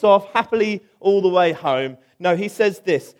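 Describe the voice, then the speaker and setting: A middle-aged man preaching a conversational sermon, animated, with asides. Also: sits high, moderate pace, few pauses. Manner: animated, acts out quoted voices, conversational with asides.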